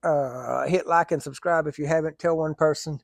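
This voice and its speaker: A man spins rambling, colloquial stories for his vlog, laughing often along the way. His voice sits a bit high with a gravelly grain. The recording is close and dry. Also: fairly even intonation, normal speed, dry recording. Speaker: vlogger. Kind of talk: casual storytelling.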